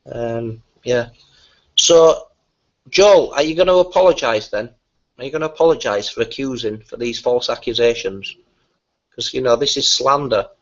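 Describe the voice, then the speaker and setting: A man on a voice chat, teasing others with crude, mocking banter. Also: mid-range voice. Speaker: voice chat regular. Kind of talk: casual voice chat. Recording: dull lo-fi voice chat audio.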